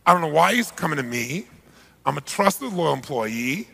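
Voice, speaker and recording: A man's voice: a little high, sing-song, normal speed, gravelly, pushed and bright, slightly rough, full character voice. A man voicing a nervous male mob accountant who protests and pleads, recorded live in a hall. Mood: protesting.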